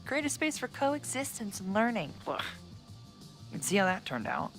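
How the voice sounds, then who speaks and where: A woman's voice: medium pitch, sing-song, normal speed, soft background music. A woman voicing a weary, sardonic bar owner in a video game, speaking with dry humor.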